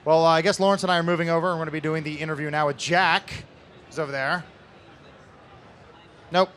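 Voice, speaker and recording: A man's voice: on the high side, fairly even intonation, a little fast, a bit bright, a little hiss or hum. A man co-hosting a live convention stream, talking with rambling enthusiasm. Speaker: co-host. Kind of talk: casual live event chat.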